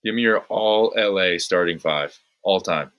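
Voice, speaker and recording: Deep-voiced man hosting a casual interview. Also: a little slow. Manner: brief supportive interjections, relaxed questions. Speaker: podcast host.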